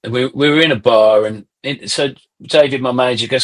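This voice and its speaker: A man's voice: mid-range voice, steady tone, moderate pace, few pauses. A middle-aged man, a musician guest on a podcast, telling rambling anecdotes in casual conversation with frequent restarts.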